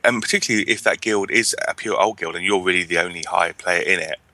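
A man's voice: low-pitched, quick pace, pushed and bright, dry recording. A man co-hosting a casual podcast chat, wry and rambling, with frequent restarts. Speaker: podcast co-host.

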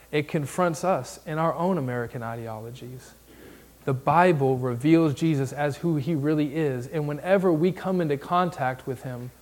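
A man with a Southern accent preaching a sermon as a candidate for pastor, building his points into emphatic lists. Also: on the high side.

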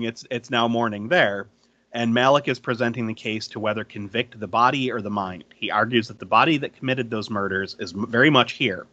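Bright-voiced man recapping a movie, chatty. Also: mid-range voice, dry recording, dull audio. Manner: chatty, laughs easily, swears casually. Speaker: podcast host recapping a movie. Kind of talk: casual chat.

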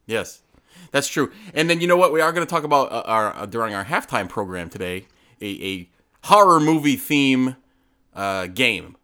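Man, podcast co-host, casual chat, animated pitch, rambling, teasing. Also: moderate pace, smooth. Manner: rambling, restarts and asides, teasing.

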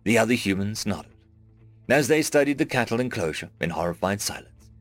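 Man narrating a sci-fi story, lively pitch. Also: fairly quick, no echo. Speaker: audiobook narrator. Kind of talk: scripted first-person sci-fi narration. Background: faint background music.

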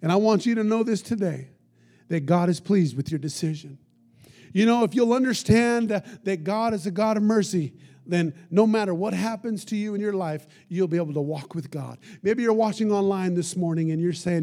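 A male pastor with a high, mellow voice delivers a sermon and leads an altar call. He swings between loud, pleading stretches and hushed, soft-spoken phrases. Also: moderate pace.

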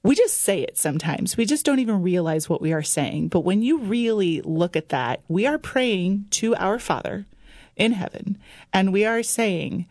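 A middle-aged woman who is a guest on a faith-based radio talk show, speaking in a chatty, warm way and laughing often. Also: medium pitch, lively intonation, moderate pace, no room sound, studio quality. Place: radio studio.

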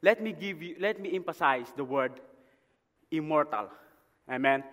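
A man preaching a sermon as a missionary, often asking "Amen?" between phrases and dropping to a quiet murmur when he prays. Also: fairly high pitch, moderate pace. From Philippines. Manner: drops to a quiet murmur in prayer. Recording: long hall reverb.

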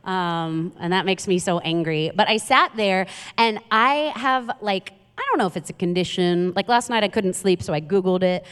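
A woman's voice: fairly low pitch, lively intonation, moderate pace, a bit bright, clean tone. A woman from Queens, preaching a humorous sermon as a guest speaker with chatty, self-deprecating storytelling. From Queens, New York. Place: church sanctuary. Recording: long hall reverb.

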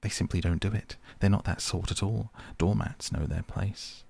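A man's voice: low-pitched, moderate pace, vocal fry, darkish tone, no echo. A man voicing a small, stubborn male mole who complains pettishly, in a storybook reading.

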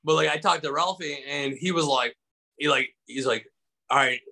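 A comedian guest from Michigan, USA, rambles through stories with many fillers and acted-out quotes during a casual video-call interview. His voice leans high, gravelly, bright and forceful, at a moderate pace, in a rough recording.

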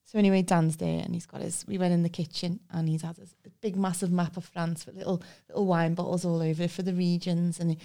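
A woman with a Liverpool accent, co-hosting a podcast and telling lively stories in casual chat. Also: on the low side, fast talker, hardly any pauses. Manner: animated storyteller who acts out voices. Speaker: podcast co-host.

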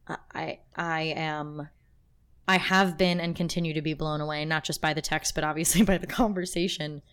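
A woman co-hosting a podcast in casual chat, emotional and halting, laughing through her feelings. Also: sits low, fairly even intonation, clean tone. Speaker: podcast co-host.

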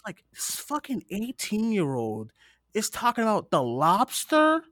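A man's voice: high voice, huge pitch swings, a little slow, a bit bright, no echo. A man with a slightly raised voice hosts a podcast, rambling earnestly and swearing casually as he gets teary-eyed. He speaks close into a desktop mic, and the sound is dry. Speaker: podcast host. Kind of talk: casual chat.

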